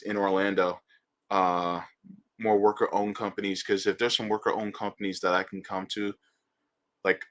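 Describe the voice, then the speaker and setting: A man hosting a casual commentary show, animated and excitable, who jokes and swears casually. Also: low voice. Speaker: show host.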